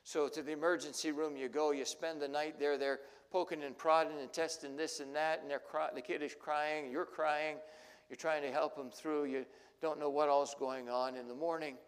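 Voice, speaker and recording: A male pastor preaching a sermon, telling the story dramatically and swinging between loud and hushed. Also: on the high side, fairly even intonation, moderate pace, smooth. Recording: long hall reverb.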